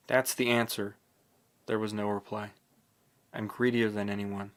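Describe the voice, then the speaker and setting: A man narrating a novel audiobook in the first person, with a steady, brooding reading. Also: on the low side, measured pace, pauses often.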